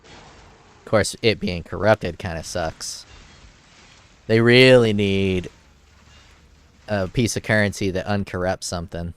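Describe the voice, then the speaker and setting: Profane, excitable male game streamer. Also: sits low, normal speed. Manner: profane, excitable, reads item text aloud. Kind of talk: casual gameplay commentary.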